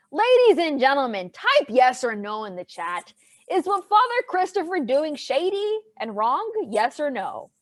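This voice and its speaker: A woman's voice: high-pitched, dry recording. A woman history teacher giving an online class lecture over a video call, chatty and playful with her students.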